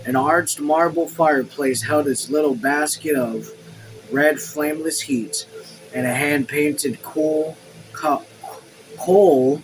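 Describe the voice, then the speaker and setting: A man reads a novel aloud in a relaxed, unpolished way, stumbling now and then and pausing for chatty remarks. His voice sits a little high. A faint hiss runs underneath. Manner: slow, halting reading with chatty asides. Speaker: read-along host. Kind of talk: casual novel read-aloud.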